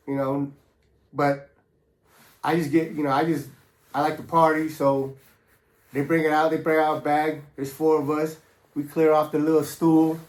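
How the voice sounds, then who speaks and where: A laid-back man telling a prison story in a roomy space. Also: fairly high pitch. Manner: laid-back, streetwise slang, frequent fillers. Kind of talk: casual storytelling. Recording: roomy echo.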